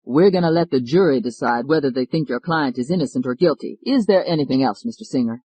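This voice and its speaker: A man's voice: mid-range voice, quick pace, warm tone, breathy edge, no room sound, close to an everyday voice. A man voicing a stern, impatient woman judge who scolds sharply, in a dry studio audiobook reading.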